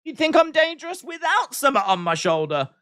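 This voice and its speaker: A man's voice: very high-pitched, very animated, fairly quick, fairly bright tone, dry recording, clean studio sound. A man reacting live to a wrestling show, repeating lines and laughing at his own jokes.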